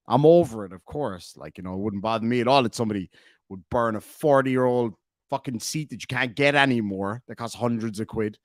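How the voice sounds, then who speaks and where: A man's voice: a little high, no echo, studio quality. A man in his forties, from Ireland, casually chatting on a livestream, reading out chat and joking with plenty of swearing. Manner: animated, swearing, joking asides. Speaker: streamer reading live chat.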